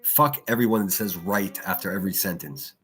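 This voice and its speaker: Here the same fired-up streamer delivers profane, repetitive commentary, but his voice is low, brisk and a bit bright. Faint music plays behind him as he keeps ranting.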